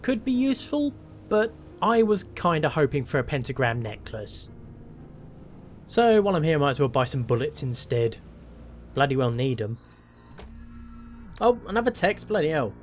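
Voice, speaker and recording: A man's voice: on the high side, big pitch swings, normal speed, pauses often. Wry man commenting on gameplay. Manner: wry, self-mocking, thinking aloud. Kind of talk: playing a game with commentary. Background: faint game music.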